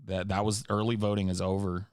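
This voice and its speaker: A deep-voiced man from Central California with a California accent and a faint Southern tinge, answering listener questions on his podcast. He rambles and swears bluntly in a fairly monotone delivery, recorded dry and close. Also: fairly quick, no echo. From Central California, USA. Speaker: podcast host. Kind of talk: casual podcast Q&A.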